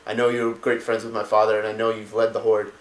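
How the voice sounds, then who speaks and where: A man's voice: on the low side, completely flat delivery, fast, roomy sound, natural voice, poor audio. A man voicing a brash young male orc chieftain, talking cocky and profane. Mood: startled.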